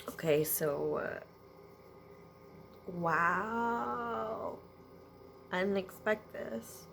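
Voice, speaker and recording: A woman giving a spiritual energy reading to viewers at home, speaking in a halting way with sighs and apologetic asides. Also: medium pitch, vocal fry. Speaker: intuitive energy reader. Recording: noisy background ambience.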